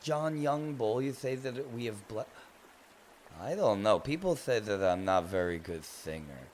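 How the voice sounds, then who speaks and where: Male stream host, lowish voice, goofy and teasing banter with chat, faint hiss behind. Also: lively intonation, measured pace, a little mellow. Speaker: livestream host. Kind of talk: casual live stream chat reading comments.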